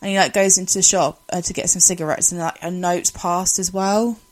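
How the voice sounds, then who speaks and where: A woman talks through a film's scenes in casual chat. She reacts freely with exclamations and groans, and her voice sits on the low side. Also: steady tone, fairly quick. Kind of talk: casual film recap chat.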